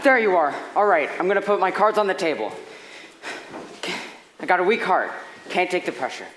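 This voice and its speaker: A young woman playing a blustering, anxious male producer with a gruff, exasperated manner. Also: on the low side, sing-song, brisk. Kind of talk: stage musical acting. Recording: echoey theater with faint hiss.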